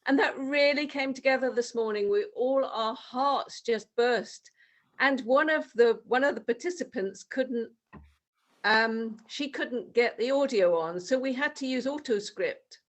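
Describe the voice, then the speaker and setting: A woman from the UK tells the group a personal story over a video call, pausing often with fillers as she goes. Her voice sits a little higher than usual. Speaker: participant.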